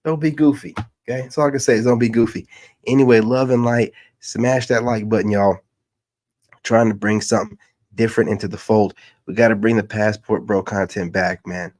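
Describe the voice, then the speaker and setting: A man's voice: lowish voice, fairly even intonation, moderate pace, darkish tone, dry recording. A man hosting a casual reaction commentary in a loose, slangy way. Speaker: commentary channel host.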